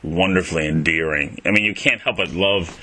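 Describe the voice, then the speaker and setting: A man's voice: low-pitched, fairly quick, pushed and bright. A male radio host interviewing a guest, effusive and affirming in his replies. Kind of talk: interview conversation.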